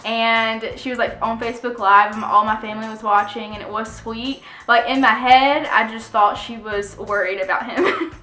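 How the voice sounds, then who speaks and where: A young woman tells a story to her vlog camera, chatty and animated, often breaking into laughter. Her voice is bright and a little high. The room is echoey, with faint music under it. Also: normal speed, slight background noise. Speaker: vlogger. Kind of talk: casual storytime.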